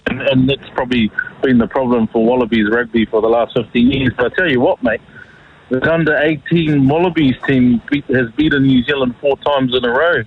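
A man's voice: medium pitch, fairly quick, breathy edge. A man calling in to a sports radio show, matey and casual. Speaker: caller. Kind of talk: phone-in chat. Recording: tinny phone line.

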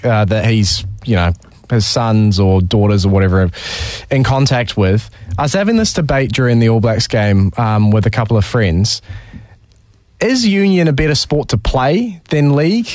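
A man's voice: mid-range voice, expressive, normal speed, a little mellow, no room sound. A male radio co-host chatting casually about sports, opinionated and full of ideas.

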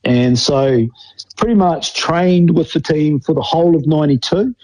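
In this rough, dry recording, a middle-aged man with a New Zealand accent speaks at a normal speed in a fairly high yet darkish voice. He's a former rugby player guest in a casual interview, spinning rambling rugby yarns, laughing frequently and mimicking the people he quotes.

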